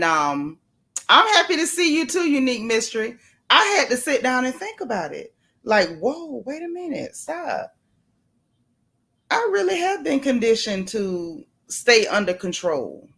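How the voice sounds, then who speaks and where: A woman's voice: mid-range voice, sing-song, normal speed, fairly bright tone. A woman hosting a casual livestream, chatting and greeting viewers by name with folksy asides. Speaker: YouTube livestream host.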